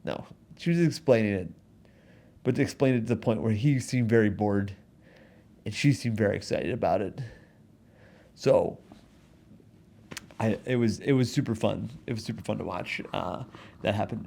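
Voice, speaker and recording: A young man hosts his podcast in a low, gravelly voice with a mellow tone. He tells a story in a loose, rambling way, restarting sentences and chuckling as he goes, on a studio mic. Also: a little slow, long pauses. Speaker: podcast host. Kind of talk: casual comedic monologue. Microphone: studio mic in front of a backdrop.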